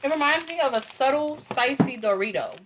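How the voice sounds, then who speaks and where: A woman's voice: high voice, animated, fairly quick, noisy background. Chatty, giggly young woman unboxing products. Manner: chatty, giggly, lots of fillers. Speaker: beauty vlogger. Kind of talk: casual product unboxing review.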